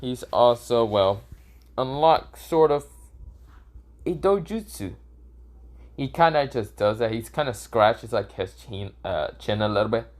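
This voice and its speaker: A man's voice: medium pitch, animated, measured pace, pauses often. Young guy making up a fan story, rambly, keeps correcting himself, swears a bit. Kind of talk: improvised fan story narration.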